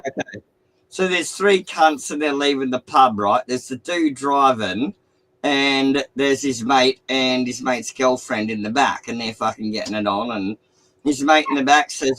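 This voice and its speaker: A man's voice: medium pitch, measured pace, fairly bright tone, poor audio. A man, a streamer telling a long crude joke in casual chat, swearing constantly and rambling. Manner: profane, rambling storyteller.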